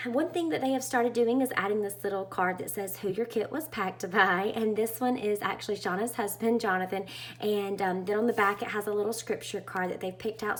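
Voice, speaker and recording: A woman chatting casually as she unboxes a craft kit, gushing and full of fillers. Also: medium pitch. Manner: bubbly and gushing, with many fillers. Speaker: craft vlogger.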